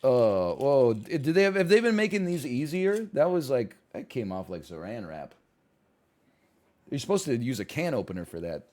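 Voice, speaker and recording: A man's voice: mid-range voice, big pitch swings, normal speed, a little mellow. A man streaming and chatting casually, rambling, sarcastic and profane, with frequent stammers and restarts.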